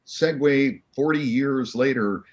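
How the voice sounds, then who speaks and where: A man's voice: mid-range voice, takes it slowly, highs cut off. A man being interviewed on a podcast, talking about his background in an easygoing, upbeat way. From Arizona. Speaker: podcast guest, real estate investor. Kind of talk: relaxed interview talk.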